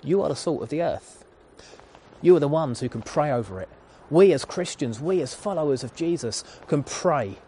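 A man's voice: a little high, lively intonation, normal speed, mellow, slightly rough. A man in his thirties preaching a sermon, retelling a children's story in an earnest storytelling manner.

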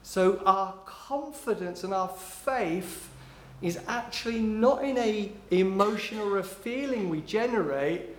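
A man preaching a sermon in an emphatic way, slowing down on key phrases and dropping low and quiet when he quotes. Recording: roomy echo.

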